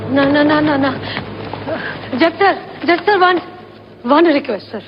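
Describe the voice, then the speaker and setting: A woman's voice: very high voice, lively intonation, moderate pace, a little hiss or hum. Desperate Indian mother. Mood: desperate pleading. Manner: broken English, begging. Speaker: mother in a courtroom. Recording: muffled film soundtrack with music.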